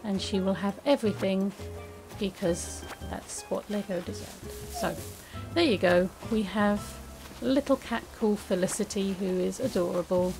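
A woman chatting casually while playing a game, with many restarts and a soft, hesitant way of talking. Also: medium pitch, normal speed, vocal fry, over music, low-quality recording. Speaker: gaming video creator. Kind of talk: casual gameplay commentary.

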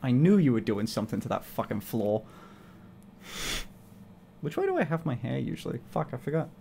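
A man's voice: mid-range voice, big pitch swings, normal speed, creaky, dark tone, slight background noise. A young man streaming, chatting casually in a playful, swearing way and laughing often. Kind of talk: casual livestream chat.

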